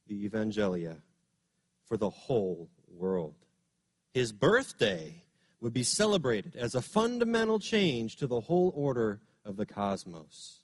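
A man preaching a sermon as pastor in a church sanctuary, telling a story and rising to emphatic peaks before dropping low, his voice a little strained from singing. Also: big pitch swings, a little slow. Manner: storytelling, builds up to loud emphatic peaks then drops low. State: slightly strained voice after singing.

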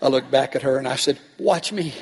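Animated storytelling pastor, man. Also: medium pitch, racing, background noise. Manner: animated, acts out the people in his story. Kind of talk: sermon storytelling. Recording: long hall reverb.

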